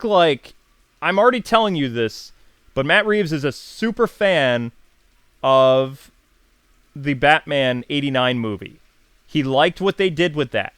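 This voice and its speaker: Smooth-voiced chatty man. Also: medium pitch, fairly bright tone, no room sound. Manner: chatty and enthusiastic, with frequent fillers and self-corrections. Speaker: YouTube host. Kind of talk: casual commentary answering viewer chat questions.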